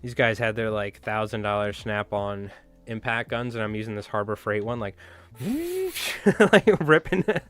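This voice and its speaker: A man's voice: fairly low pitch, flat delivery, moderate pace, fairly bright tone, clean tone. A man hosting a casual fly tying livestream who chats with viewers, rambles from one story to the next and swears freely.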